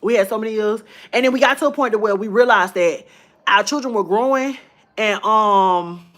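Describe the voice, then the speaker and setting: A woman's voice: mid-range voice, moderate pace, a bit bright. A woman, telling a personal story to her viewers in a chatty, emotional way. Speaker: vlogger.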